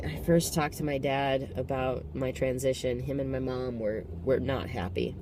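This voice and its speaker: A man in his thirties giving a heartfelt personal vlog reflection, pausing to count and correct himself. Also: medium pitch, a little mellow, slight background noise. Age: 30s.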